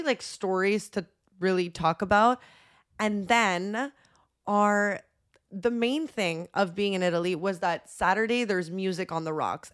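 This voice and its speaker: A woman's voice: medium pitch, fairly bright tone. A young woman from Montreal telling a rambling story as a podcast co-host in casual chat, full of "like" and swearing. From Montreal, Canada.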